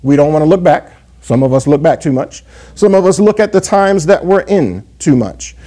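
A man preaching a sermon, his voice pitched a little higher than most men's yet dark and warm in tone. He reads scripture aloud in old-fashioned wording and keeps asking the congregation "yes?" and "amen?". He slows right down to lean on key words. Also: lively intonation. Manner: call-and-response asides, frequent "yes?" and "amen?". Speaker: pastor.

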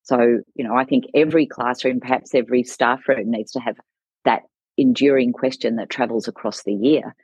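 A woman's voice: a bass voice, fairly even intonation, normal speed, husky, dry recording, lo-fi sound. A woman co-hosting a casual chat, speaking thoughtfully and affirming her guest often. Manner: thoughtful, affirming, many soft backchannels. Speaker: podcast co-host in education.

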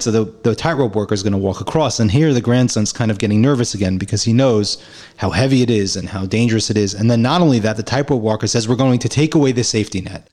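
Man teaching on faith, thoughtful, repeats himself for emphasis, lowish voice. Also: a little mellow. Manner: reflective, repeats phrases for emphasis. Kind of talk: reflective spiritual teaching.

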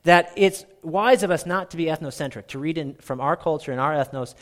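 Animated, conversational preacher man. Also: fairly high pitch, a little fast. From Minnesota. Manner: conversational, animated, self-deprecating. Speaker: pastor. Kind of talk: sermon.

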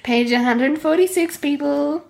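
A woman hosting a relaxed book chat, laughing easily as she reads passages aloud. Her voice sits fairly high. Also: measured pace, vocal fry. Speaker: podcast host. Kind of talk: casual book discussion and reading aloud.

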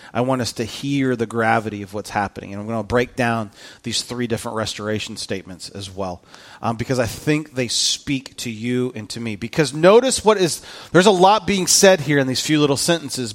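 A man preaching a casual, storytelling sermon, acting out scenes and dropping into hushed tones for weight. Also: mid-range voice. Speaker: pastor.

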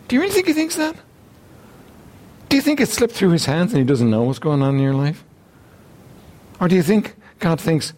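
A man preaching a sermon, emphatic and repetitive, often clearing his throat and asking rhetorical questions. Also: fairly high pitch, very animated, a little fast, long pauses, darkish tone. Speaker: pastor.

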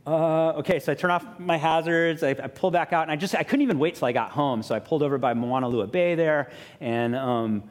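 A man pastor, telling a personal story in a sermon with lively self-mocking humor, then growing soft and quiet for reflection. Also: on the high side, brisk, few pauses, big-room sound. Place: church sanctuary.

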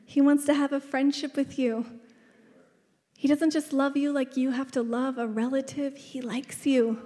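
Woman pastor, thirties, chatty storytelling sermon, high voice, long church-hall reverb. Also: level tone, moderate pace, mellow. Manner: chatty storytelling, laughs often, drops to a whisper in tender moments.

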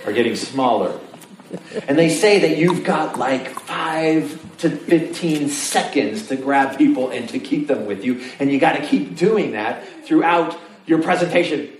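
At a measured pace and in a slightly high voice, a preacher makes his sermon animated and humorous, voicing his listeners as characters. It's recorded in a church sanctuary on a distant, roomy mic with faint noise.

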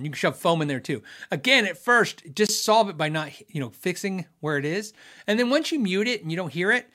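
A middle-aged man, a guitar tech hosting a podcast, chatting casually and joking with laughs, trailing off into low asides. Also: sharp tone. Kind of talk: casual live-stream chat.

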